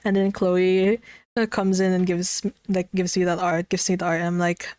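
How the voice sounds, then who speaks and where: A woman's voice: fairly low pitch, level tone, moderate pace, a little mellow, no echo. Giggly woman streamer, dry close sound. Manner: chatty, giggly, gushing, swears casually. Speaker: streamer answering chat. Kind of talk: casual stream chat. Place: her own room at home.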